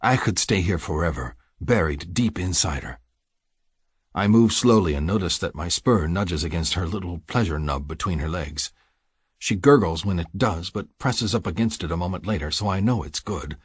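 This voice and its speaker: A man narrating an audiobook in the first person, reading in a low, intimate, measured way. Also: slightly rough, no echo, clean studio sound.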